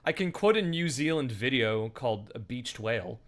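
A man's voice: mid-range voice, lively intonation, moderate pace, few pauses. A man chatting casually while streaming a video game, thanking viewers and muttering asides. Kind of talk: live game commentary.

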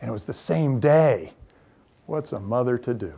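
A man telling lively stories at a lecture, acting out bits of dialogue as he goes. His voice sits in a middle pitch, and he often pauses with ums and starts his sentences over. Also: gravelly, breathy edge. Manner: lively storyteller who acts out quoted dialogue; frequent ums and restarts. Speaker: venture capitalist giving a talk. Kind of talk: anecdotal lecture to students.

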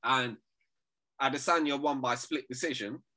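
Bright-voiced, animated man. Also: normal speed. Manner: animated, teasing, swears freely, bursts into high laughs. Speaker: podcast co-host. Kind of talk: casual banter.

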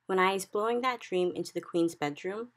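A woman's voice: medium pitch, fairly quick, close to an everyday voice. A woman voicing a big friendly male giant who speaks in mangled grammar and invented words. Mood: gentle.

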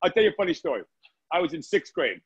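Chatty chef from Brooklyn on a dull call. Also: male voice, a little high, big pitch swings, fast talker, breathy edge, dry recording. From Brooklyn, New York. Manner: chatty storyteller, many "uh"s and "right?". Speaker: guest chef. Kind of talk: casual video-call chat. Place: his restaurant.

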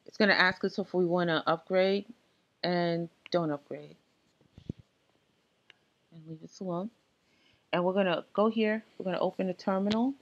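A woman presenting a screencast software tutorial, explaining setup steps casually with frequent ums and uhs. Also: fairly low pitch, fairly even intonation, normal speed, pauses often, highs cut off.

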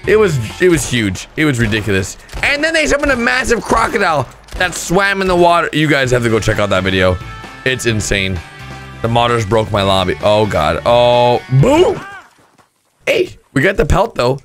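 A young man commentating on gameplay clips with excited outbursts and shouts. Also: medium pitch, normal speed, soft background music. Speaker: gaming commentator.

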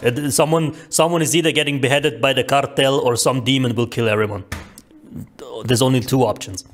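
A male streamer reacting live, his voice pitched in an ordinary middle range. He talks excitably and swears freely. He stumbles over repeated words before he finishes a thought. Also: a little fast, soft background music. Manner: excitable, swearing, stammering restarts.

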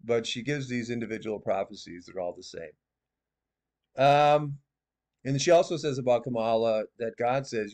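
A man's voice: mid-range voice, normal speed, a little mellow. A man giving casual critical commentary on a video, reading out claims and adding sarcastic, mocking asides.

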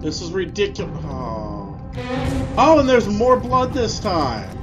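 A man doing let's play commentary who gets frustrated, swears and yells at the game. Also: high voice, huge pitch swings, slow. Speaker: gameplay commentator. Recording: game music behind the voice.

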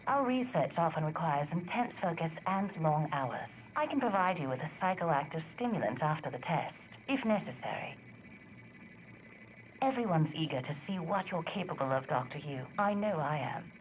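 Polite robot lady assistant, southern english accent, lowish voice, swoops around a lot, faint hum behind. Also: expressive, normal speed, rough recording. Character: calm female science operator robot.

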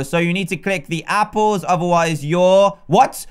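A young British man giving excitable, chatty gameplay commentary as a YouTuber. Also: high-pitched, moderate pace, few pauses, clear, resonant tone, faint music behind. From Britain. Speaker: gaming YouTuber.

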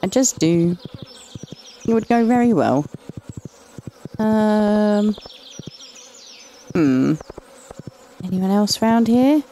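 A woman's voice: mid-range voice, expressive, extremely slow, pauses often, dark tone, a little hiss or hum. An English woman giving casual, chatty commentary while playing and reading game dialogue aloud, affectionately calling characters "lovely". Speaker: gaming channel host.

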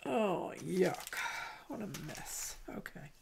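A woman hosting a casual art livestream, chatting softly and greeting viewers by name as she paints. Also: medium pitch, lively intonation, takes it slowly, vocal fry, noisy background.

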